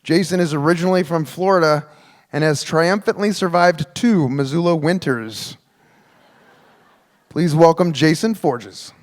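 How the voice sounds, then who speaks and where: A man hosting a live storytelling night, giving a measured, scripted introduction from a theater stage. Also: a little high. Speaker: host. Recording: reverberant theater hall.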